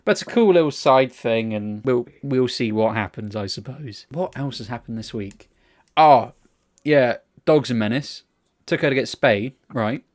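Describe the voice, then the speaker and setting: A man's voice: mid-range voice, normal speed. A man co-hosting a casual podcast, telling rambling, sweary stories full of restarts. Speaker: podcast co-host. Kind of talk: casual chat.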